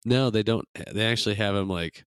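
A young man in laid-back podcast chat, with a low, smooth and resonant voice. He laughs often and swears casually. The recording is close and dry. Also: fairly quick, no room sound. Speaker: podcast co-host.

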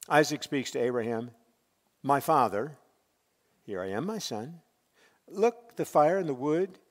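A man delivers a sermon from the pulpit, his voice a little high for a man. He preaches expressively, rising to loud emphasis and sinking to near-quiet. A long reverb hangs on his words in the hall. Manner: expressive preaching, swells loud and drops soft. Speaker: pastor.

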